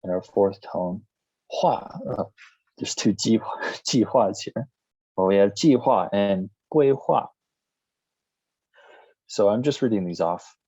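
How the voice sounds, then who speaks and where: Slow, low-voiced man teaching vocabulary. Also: no echo. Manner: reads word lists item by item, plain and steady. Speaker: Chinese language teacher. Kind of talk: recorded vocabulary lesson. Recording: slightly dull lo-fi recording.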